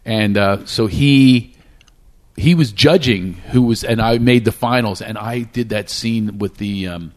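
A man's voice: on the low side, a little slow, a little mellow. A man hosting a casual chat and telling rambling, eager anecdotes.

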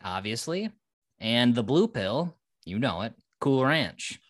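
A man's voice: medium pitch, very animated, takes it slowly, no room sound. Dry-sounding easygoing young male host. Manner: easygoing, teasing, runs the segments. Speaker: podcast host. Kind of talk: casual chat.

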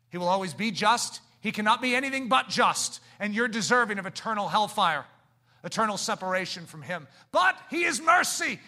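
A man preaching a sermon, swinging from hushed, low passages to shouted climaxes and pressing the listeners with rhetorical questions.

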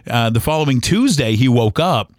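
A man in his forties, a podcast host telling a personal story in an earnest, halting way with many fillers and restarts. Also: medium pitch, animated, no echo, clean studio sound. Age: 40s.

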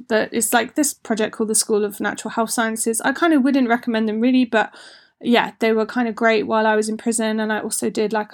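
A woman giving an informal workshop talk in a chatty, frank way, with loose run-on phrasing. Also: on the high side. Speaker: workshop speaker.

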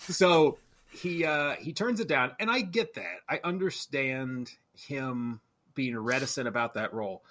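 Bright-voiced rambling man. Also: mid-range voice, measured pace, slight background noise. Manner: rambling, self-correcting, chuckling. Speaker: podcast host. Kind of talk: casual movie podcast chat.

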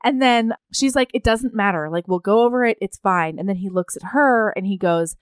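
Woman, chatty book recap, smooth clear voice, dry close sound, acts out lines. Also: mid-range voice, no room sound. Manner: animated, acts out characters' lines in quick voices. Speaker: podcast co-host recapping a novel. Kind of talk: casual book-recap chat.

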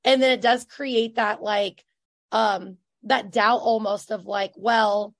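A woman in her thirties hosting a casual podcast interview, chatty and effusive, with lots of fillers and quick bursts of speech. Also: medium pitch, steady tone, dry recording. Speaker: podcast host and business coach.

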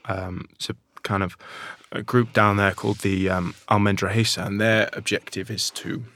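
In a relaxed podcast chat, a guest from Northern England who produces nuts speaks with enthusiasm, stumbling into restarts and fillers. His lowish voice is flat and a bit bright, at a moderate pace.

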